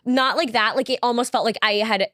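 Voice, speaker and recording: A woman's voice: fairly high pitch, steady tone, a little fast, fairly bright tone, dry recording, studio quality. A young woman co-hosting a podcast in casual chat, rambling with lots of "like" fillers and casual swearing. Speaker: podcast co-host.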